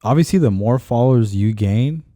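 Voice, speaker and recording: A man's voice: mid-range voice, lively intonation, normal speed, warm tone, no room sound. A young man co-hosting a casual podcast, telling stories in a rambling way, swearing and switching between English and Spanish. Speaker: podcast co-host. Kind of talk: casual chat.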